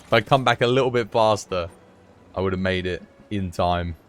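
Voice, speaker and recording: A man streaming live and chatting casually as he plays, given to high giggling fits. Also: normal speed, fairly bright tone, clean tone. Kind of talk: live gameplay commentary.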